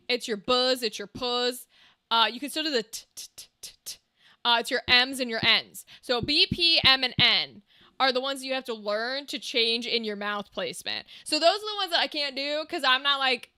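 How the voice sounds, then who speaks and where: A woman's voice: sits high, bright, forceful tone, clean tone, dry recording, studio quality. A young woman game streamer chatting casually with viewers, brash and teasing, swearing freely and laughing often into a desk microphone.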